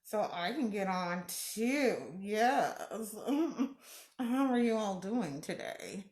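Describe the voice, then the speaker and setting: A woman's voice: mid-range voice, animated, slow pace, a little mellow. A woman hosting a casual live stream from home, greeting viewers by name and laughing often. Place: room at home. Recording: echoey room.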